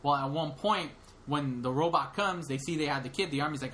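Bright-voiced, rambling podcast host. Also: male voice, fairly high pitch, a little fast. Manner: excited, rambling retelling with many fillers. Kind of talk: casual chat.

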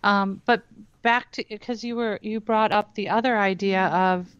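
A woman guest on a talk radio show explaining hypnosis in a lively way, acting out the voices she quotes. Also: medium pitch, a little slow, clear, resonant tone, no room sound. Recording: dull lo-fi radio audio.

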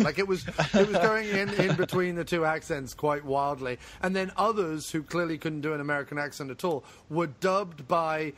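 A man hosting a casual podcast chat, excitable and quick to mock. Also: fairly high pitch. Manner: excitable, breaks into mocking put-on voices. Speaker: podcast host.

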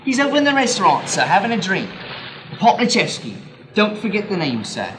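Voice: mid-range voice, wildly swooping pitch, brisk. A performer playing a wheedling, stammering hustler who keeps calling the listener "sir", on an amateur home tape. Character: wheedling street hustler who stages his own drowning. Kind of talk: amateur radio-play acting. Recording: hissy home tape recording.

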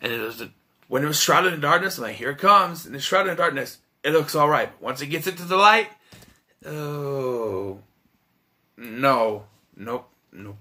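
Bright-voiced man giving a blunt review. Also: medium pitch, animated, moderate pace. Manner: blunt and profane, with frequent restarts. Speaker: film reviewer. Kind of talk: casual spoken film review.

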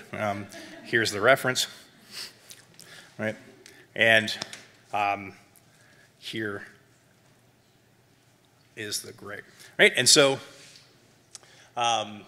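Chatty, bright-voiced man lecturing. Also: medium pitch. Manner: chatty, lots of um and tag questions; self-described academic. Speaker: wine seminar presenter.

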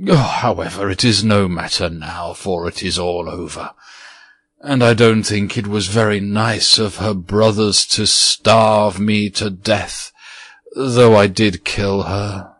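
A man reading an audiobook, voicing a weary, petulant centuries-old male ghost who speaks slowly and plaintively, in a dry recording. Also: lowish voice, steady tone, a bit bright, no echo. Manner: slow, drawn-out, plaintive.

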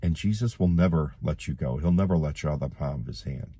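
Deep husky man preaching urgently. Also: fast talker, warm tone, no echo. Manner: urgent, pleading, repeats himself. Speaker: online preacher. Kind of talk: gospel appeal to camera. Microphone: camera.

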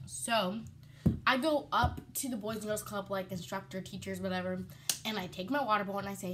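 A woman vlogger telling a story in a chatty, animated way, full of fillers. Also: mid-range voice, fairly quick, a little hiss or hum. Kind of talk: storytime vlog.

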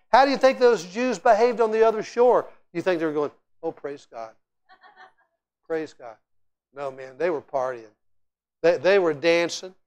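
A middle-aged man preaching a sermon in a church as guest speaker, telling stories with lively, animated delivery and frequent restarts. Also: sits high, clear, resonant tone. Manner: animated, storytelling, repeats words and restarts often. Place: church sanctuary.

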